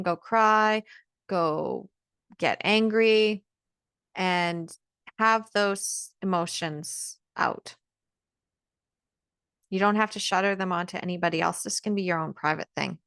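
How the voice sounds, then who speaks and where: A woman's voice: lowish voice, takes it slowly, long pauses, a bit bright, clear, resonant tone, dry recording, studio quality. A woman speaking straight to camera in an earnest, emphatic motivational talk, often repeating words as she presses a point. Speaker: vlogger giving encouragement.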